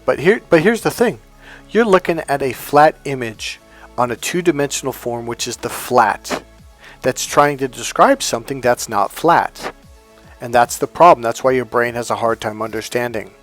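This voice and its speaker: A man's voice: medium pitch, normal speed, faint music behind. A middle-aged man coaching in a spontaneous, emphatic monologue, acting out the dialogue in his stories. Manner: emphatic, storytelling, acts out quoted dialogue. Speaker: self-help coach.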